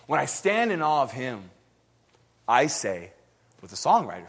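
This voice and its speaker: A man preaching a sermon, swinging between loud emphatic peaks and hushed low lines, acting out the voices he quotes. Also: measured pace, pauses often, husky. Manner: animated, acts out quoted voices, laughs now and then.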